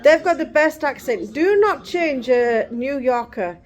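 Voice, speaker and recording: A woman's voice: high-pitched, lively intonation, unhurried. Middle-aged woman rambling to camera, lots of tangents, casual vlog chat. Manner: chatty, rambling, digressive. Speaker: vlogger.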